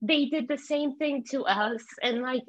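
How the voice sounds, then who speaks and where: A woman's voice: high voice, measured pace. A woman in her thirties from Azerbaijan, speaking candidly and earnestly as a participant in an online meeting, often searching for her words. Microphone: video call. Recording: lo-fi video call audio.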